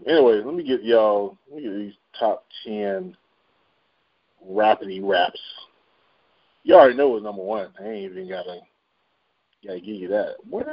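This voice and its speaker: A man hosting a casual radio-style chart rundown, joking and slangy with frequent laughs. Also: mid-range voice. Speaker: radio show host. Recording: dull lo-fi sound.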